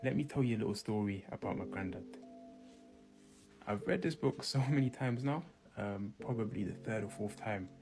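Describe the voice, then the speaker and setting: Low-voiced man telling a story over music. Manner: reverent, dramatic pauses. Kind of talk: storytelling about history.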